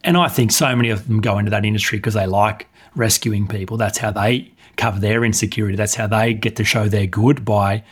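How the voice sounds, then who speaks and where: A man's voice: lowish voice, fairly quick, few pauses, slightly rough. A man, a coach and author, telling stories bluntly and animatedly in a podcast interview. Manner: blunt, animated retelling with acted dialogue.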